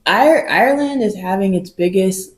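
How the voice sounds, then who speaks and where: A woman's voice: mid-range voice, expressive, moderate pace, reverberant. A woman co-hosting a podcast, chatting casually and rambling with lots of fillers. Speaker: podcast co-host. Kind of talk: casual chat.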